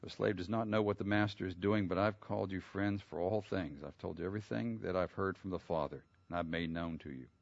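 A man preaching a sermon. He reads scripture aloud, explains it, and builds to loud, emphatic peaks. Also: sits low, a little fast, vocal fry, few pauses, no room sound. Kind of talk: sermon, expository Bible teaching. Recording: dull lo-fi sound.

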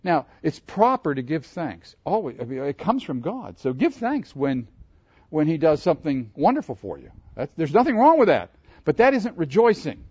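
A man from Pittsburgh preaching a sermon, animated and asking his listeners questions. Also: a little high, normal speed, husky, dry recording, dull audio. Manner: animated, asks the audience questions. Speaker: pastor.

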